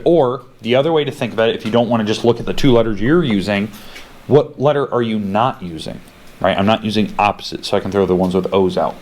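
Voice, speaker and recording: A man's voice: mid-range voice, a little hiss or hum. A young male teacher giving a casual math lesson in a classroom, thinking aloud as he works through problems.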